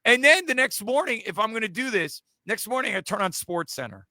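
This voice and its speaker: A man hosting a sports talk show, ranting excitedly and correcting himself as he goes. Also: high-pitched, fairly quick, no room sound. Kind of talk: casual sports chat.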